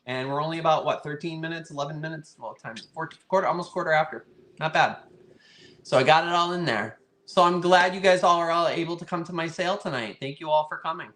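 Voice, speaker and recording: A man hosts a live online vintage sale, chatting casually and thanking his viewers again and again. His voice is a little high and a bit bright.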